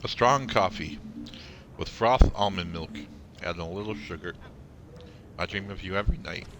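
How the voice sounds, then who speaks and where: A man's voice: low voice, moderate pace, a bit bright, a little hiss or hum. A man streaming a game, reading all its dialogue aloud in his own voice, stumbling over words now and then, with the hiccups. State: has the hiccups.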